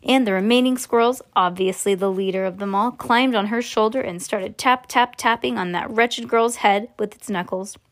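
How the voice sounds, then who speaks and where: A woman reading a children's book aloud to a child, expressive with small slips and self-corrections. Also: medium pitch, moderate pace, hardly any pauses.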